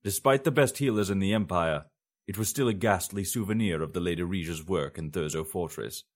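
A man reading a fantasy story aloud in measured audiobook narration. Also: deep voice.

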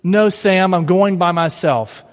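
A quiet, resolute young hobbit who insists on going alone, as a preacher puts him on. The voice sits a little high, with a long reverb tail. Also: male voice, unhurried.

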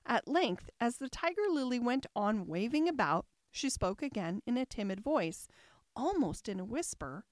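A woman narrating a classic storybook as an audiobook reader, expressive and lilting, close to the mic. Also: on the high side, normal speed, no room sound.

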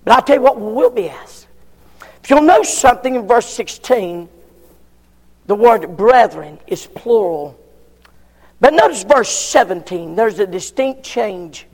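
A preacher with a high, gravelly voice, delivering a folksy, emphatic sermon. He swings between ringing cries and near-whispers. His words trail off into a long reverb in a church. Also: normal speed. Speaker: pastor.

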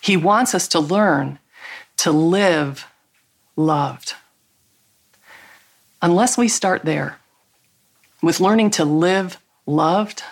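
A middle-aged woman giving a devotional teaching talk, earnest and emphatic, drawing out key words. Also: low voice. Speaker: Christian speaker.

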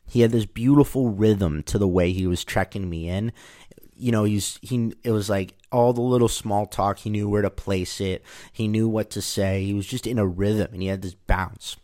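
Man, casual storyteller, wry and rambling, restarts words, low voice, dry sound. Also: a little mellow, no echo.

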